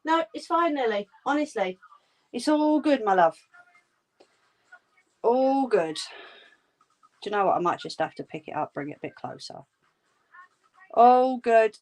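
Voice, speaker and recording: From a room at home, a woman runs a crafting livestream, crocheting while she chats casually and answers viewers' comments. She's homely and reassuring, calling her viewers "love," and her voice sits on the high side with a darkish tone.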